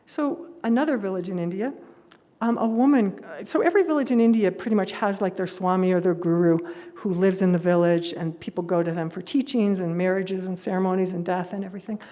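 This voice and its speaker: A woman's voice: mid-range voice, a little fast. Older woman telling stories in a hall. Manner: warm-humored, chatty, laughs often. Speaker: lay speaker at a worship service. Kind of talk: storytelling talk. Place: worship hall. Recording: echoey hall reverb.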